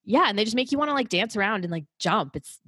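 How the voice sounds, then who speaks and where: A woman's voice: mid-range voice, lively intonation, fast, a bit bright, breathy edge, no echo. A young woman from Canada hosting a podcast, telling stories in a rambling, casual way with many fillers and restarts. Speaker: podcast host. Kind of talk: casual chat.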